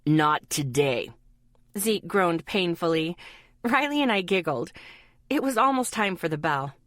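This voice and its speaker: A woman's voice: fairly low pitch, lively intonation, moderate pace, fairly bright tone, no echo, clean studio sound. A woman narrating a first-person audiobook in a light, wry storytelling manner.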